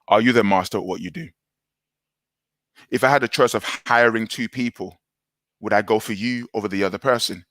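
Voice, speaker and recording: A man's voice: medium pitch, a bit bright, dry recording, clean studio sound. A man giving a motivational talk, emphatic and repetitive, hammering home short phrases. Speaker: motivational speaker.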